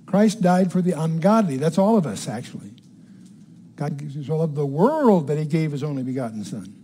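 An older man teaching the Bible verse by verse in a conversational way, reading scripture slowly with emphasis and putting quick questions to his listeners. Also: a little high, lively intonation, dark tone, slight background noise.

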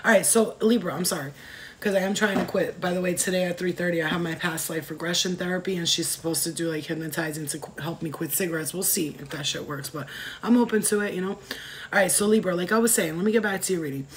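A woman's voice: fairly low pitch, quick pace, slight background noise. A woman giving a casual tarot reading in a brash, profane, rambling way, wandering off on tangents. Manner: goes off on tangents. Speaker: tarot reader.

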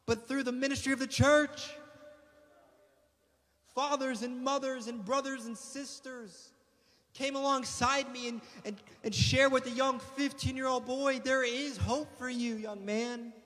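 A man's voice: very high voice, steady tone, measured pace, fairly bright tone. A man preaching a sermon as pastor, impassioned and building in intensity. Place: church sanctuary. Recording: long reverb of a church hall.

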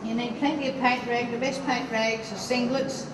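An Australian woman with a fairly high voice gives a painting demonstration, chatting and thinking aloud while she works. She sits well away from the microphone in a large hall with a long ringing echo. Loud room noise runs underneath her. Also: fairly even intonation, normal speed. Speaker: painting teacher. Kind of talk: live watercolour demonstration. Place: large room with a live audience. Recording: echoey hall from far off, loud background noise.

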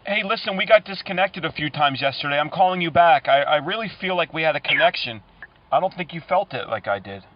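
A man making prank phone calls, delivering cheesy pick-up lines in a deadpan way. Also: on the high side, fairly quick, highs cut off. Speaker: prank caller.

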